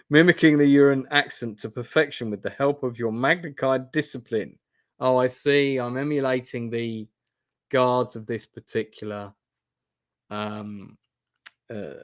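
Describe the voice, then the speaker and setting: A man's voice: medium pitch, fairly even intonation, measured pace, no echo, studio quality. A man hosting a live gamebook playthrough, reading aloud and making chatty, self-deprecating asides. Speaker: host playing a gamebook live. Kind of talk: casual live-stream narration. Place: indoor room.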